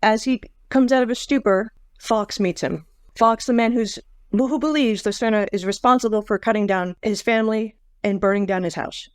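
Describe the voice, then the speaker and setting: A woman's voice: a little high, moderate pace, clear, resonant tone, dry recording, clean studio sound. A middle-aged woman co-hosting a podcast, chatting casually about a book with wry jokes. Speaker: podcast co-host. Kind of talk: casual book-discussion chat.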